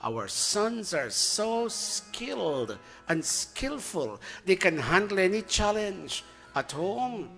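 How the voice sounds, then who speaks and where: An older man leading a satsang, coaxing his students and chanting Sanskrit slowly between lively explanations. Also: high-pitched, gravelly, soft background music. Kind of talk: sermon with recitation.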